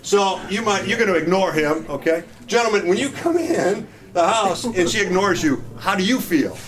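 At normal speed, with a high, somewhat bright voice and lively intonation, a middle-aged man presents a humorous marriage workshop to couples. He jokes, quizzes his listeners, and keeps checking "right?", while the live audience is audible in the background.

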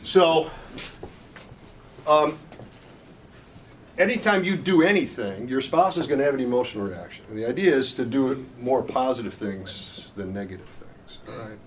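This middle-aged man speaks at a medium pitch and normal speed, leaving long pauses, with slight background noise. His live marriage workshop for couples is jokey, he quizzes the audience, and he constantly asks "right?" as listeners react audibly.

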